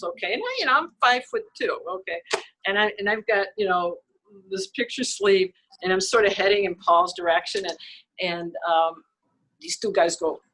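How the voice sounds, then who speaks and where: A woman's voice: mid-range voice, low-quality recording. A woman photographer, a guest on an interview show, telling a story casually with frequent laughs and acted-out quotes. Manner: lively storyteller, laughs often, acts out quoted lines; frequent "you know" and "okay" fillers.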